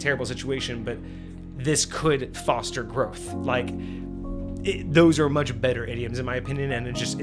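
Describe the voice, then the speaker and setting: Rambling man hosting a game stream. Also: mid-range voice. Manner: rambling, heavy use of "like" and restarts. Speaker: host of a tabletop gaming stream. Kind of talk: casual livestream chat.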